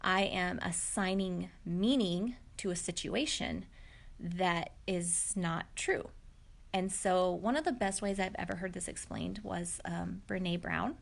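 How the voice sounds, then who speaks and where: A woman's voice: lowish voice, measured pace, creaky. A woman, telling a personal story to camera in a candid, reflective, chatty way with many fillers. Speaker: vlogger.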